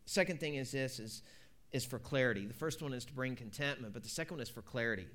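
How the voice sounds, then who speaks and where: A man's voice: medium pitch, fast, fairly bright tone. A man preaching a conversational sermon, telling stories in a folksy way and acting out both sides of a conversation. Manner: folksy, repeats "you know".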